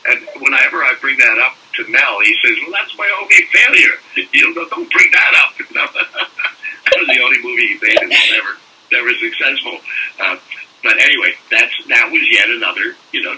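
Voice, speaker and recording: An older man, a voice actor, telling animated anecdotes in a casual interview and slipping into mock French-accent bits. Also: mid-range voice, slightly rough. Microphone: phone call. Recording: distant phone-call audio.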